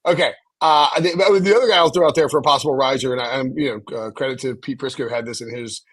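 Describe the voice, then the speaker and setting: Husky-voiced rambling man host. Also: mid-range voice, quick pace, fairly bright tone. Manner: rambling, lots of restarts and fillers. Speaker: podcast host. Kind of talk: casual sports chat.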